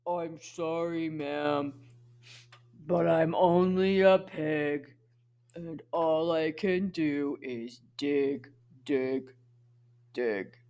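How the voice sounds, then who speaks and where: A woman voicing a humble male pig in a children's poem, speaking slowly, deeply and apologetically. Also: steady tone, mellow, clean tone. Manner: slow, deep and apologetic. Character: humble low-voiced male pig who digs.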